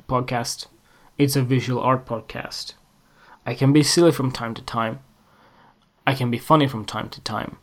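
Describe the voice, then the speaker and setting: A man talks alone into a podcast mic in an unscripted monologue. He rambles and circles back on himself, drops frequent curses for emphasis, and keeps asking the listener pointed questions. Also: medium pitch. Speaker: podcast host.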